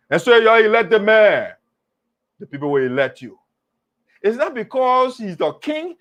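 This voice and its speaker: A man hosting a political talk show, animated and mocking, repeating phrases for emphasis. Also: high voice. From Liberia. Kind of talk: political commentary monologue.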